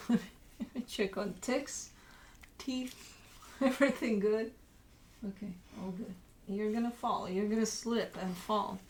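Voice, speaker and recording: A woman's voice: mid-range voice, slow, pauses often, roomy sound, a little hiss or hum. A woman who hosts tarot readings, chatting at home and cooing at her dogs in baby talk, laughing often and sometimes dropping to a whisper. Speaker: tarot reader host. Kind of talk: casual chat talking to her dogs.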